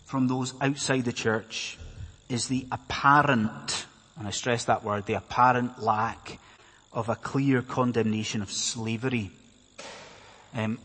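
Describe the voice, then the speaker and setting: Slightly rough and a bit bright, this mid-range man's voice preaches with emphasis, asking the congregation one rhetorical question after another. The recording carries the reverberant sound of a church hall.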